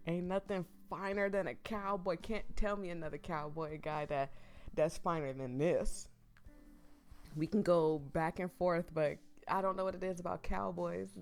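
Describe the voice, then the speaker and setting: A woman's voice: fairly low pitch, steady tone, normal speed, darkish tone, soft background music. A woman playing a dating game, reading the story aloud and reacting in gushing, giggly asides. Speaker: let's play streamer.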